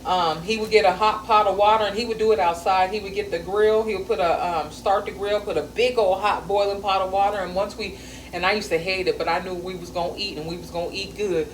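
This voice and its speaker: A woman's voice: mid-range voice, steady tone, fairly quick, a little hiss or hum. A middle-aged woman chatting casually while she cooks at home, earthy and a little profane, drifting into stories. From American South. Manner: chatty, earthy and profane, with folksy grammar and storytelling tangents. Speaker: home cook vlogger. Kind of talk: casual cooking vlog chat. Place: home kitchen. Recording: echoey kitchen, mic at a distance, sizzling pan.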